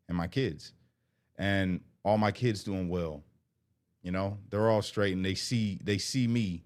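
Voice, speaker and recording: A man talks candidly to camera in an earnest, heartfelt way, often repeating himself. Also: sits low. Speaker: vlogger.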